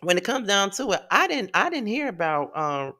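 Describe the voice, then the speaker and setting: A man's voice: sing-song, normal speed, sharp tone. A man ranting in a profane, exasperated video review, firing off rhetorical questions. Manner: rhetorical questions, jumps high in pitch. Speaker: YouTube reviewer.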